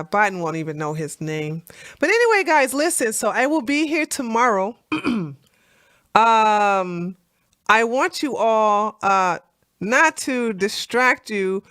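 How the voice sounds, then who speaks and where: A woman hosting a casual political chat livestream, animated and laughing, with lots of fillers and restarts. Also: medium pitch, slow pace, clear, resonant tone, dry recording, studio quality. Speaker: livestream host.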